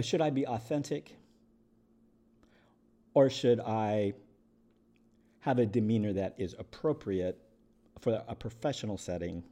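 A man's voice: fairly low pitch, warm tone. A middle-aged man hosting a podcast, speaking candidly and reflectively in one unscripted take, with restarts and wry chuckles. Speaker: podcast host and attorney.

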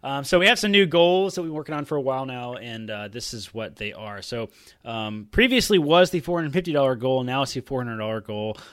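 A man's voice: mid-range voice, lively intonation, fairly quick, fairly bright tone, clean tone, no echo, studio quality. A man from Georgia in the USA, co-hosting a casual podcast chat, rambling and joking at his own expense. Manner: rambling, joking and self-mocking. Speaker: podcast co-host.

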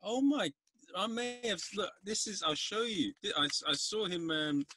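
A man hosting a podcast, speaking haltingly and searching for words in a casual interview. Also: sits high, expressive, bright, forceful tone. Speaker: podcast host.

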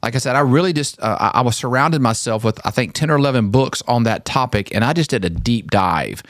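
A man's voice: medium pitch, expressive, fairly quick, fairly bright tone, dry recording, studio quality. A man co-hosting a casual Christian podcast, earnest and enthusiastic, with frequent fillers and restarts. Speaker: podcast co-host.

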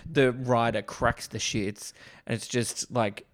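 A man co-hosting a relaxed podcast about an old movie. He talks in an animated, chatty way and tosses off quick jokey asides. His pitch sits in an ordinary middle range for a man. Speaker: podcast co-host. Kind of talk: casual film discussion chat.

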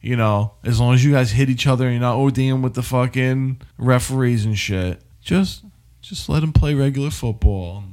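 A man's voice: mid-range voice, moderate pace, a little mellow. A man, co-hosting a podcast in casual, rambling chat full of swearing. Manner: laid-back, rambling, swears a lot. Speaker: podcast co-host.

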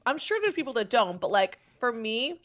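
A woman's voice: a little high, very animated, normal speed, fairly bright tone. A woman co-hosting a podcast in casual chat, chatty and full of filler words. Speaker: podcast co-host. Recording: dull lo-fi sound.

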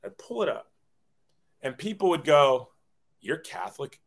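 A man's voice: a little high, animated, a little slow, gravelly. A man in his forties, a guest telling his life story in a casual, self-deprecating way, often acting out quoted dialogue.

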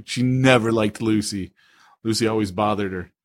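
A man co-hosting a podcast in casual chat, emphatic and animated, often saying "dude". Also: fairly low pitch, normal speed. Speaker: podcast co-host.

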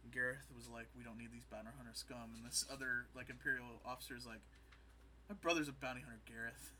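Casual male co-host, bright forward voice, acts out quotes while recapping, faint hiss under the track. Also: medium pitch, fairly even intonation. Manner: retells scenes with quick quoted voices and laughs. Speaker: podcast co-host recapping an episode. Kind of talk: casual chat.

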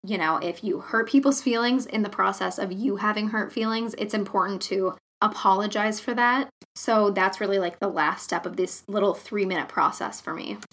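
A woman's voice: mid-range voice, moderate pace, hardly any pauses, fairly bright tone. A young woman hosting a solo podcast, talking in an earnest, chatty way with many casual fillers. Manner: earnest, chatty, lots of fillers like "you know". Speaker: podcast host.

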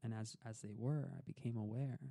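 A young man telling a personal story as a podcast guest, calm and unhurried. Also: medium pitch, gravelly.

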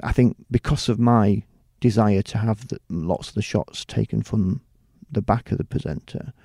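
A middle-aged British TV presenter and producer chats casually in an interview, rambling with lots of restarts and "you know"s. His voice is lowish, creaky, husky and dark-toned, at a moderate pace. The recording is clean studio sound with no room audible.

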